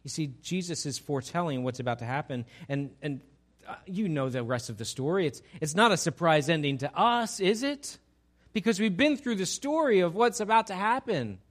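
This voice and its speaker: A man's voice: fairly high pitch, animated, normal speed. A male pastor preaching a sermon and asking his congregation rhetorical questions.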